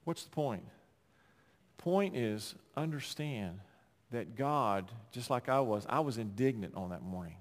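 A man pastor preaching a sermon, swinging between loud emphatic passages and quiet, conversational asides. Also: medium pitch, expressive, a little slow, in a large hall.

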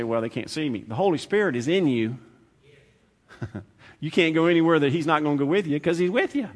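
A man's voice: on the high side, animated, a little fast. Man preaching in a reverberant church. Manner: conversational preaching, shifts from loud to hushed, repeats phrases. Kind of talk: sermon. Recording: long hall reverb.

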